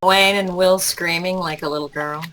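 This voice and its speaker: A woman playing along in casual gaming chat, calmly giving game tips. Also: lowish voice, moderate pace, a little hiss or hum, poor audio. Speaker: co-player.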